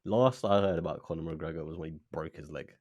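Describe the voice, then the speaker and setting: A man's voice: a bass voice, a little fast, darkish tone, dry recording, muffled recording. A man co-hosting a casual podcast chat, teasing and joking with the others. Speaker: podcast co-host.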